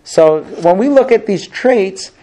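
A man with a somewhat raised pitch lectures a room of listeners on married life. He is humorous and animated, slipping into acted-out dialogue between filler words. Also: unhurried. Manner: humorous, acts out quoted dialogue, many fillers. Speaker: teacher giving marriage advice to grooms. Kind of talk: lively lecture to a small class. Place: room with a live audience.

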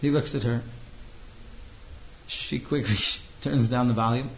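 A man's voice: mid-range voice, steady tone, a little slow, gravelly, lo-fi sound, slight background noise. A man teaching a class, telling a story with many fillers and restarts.

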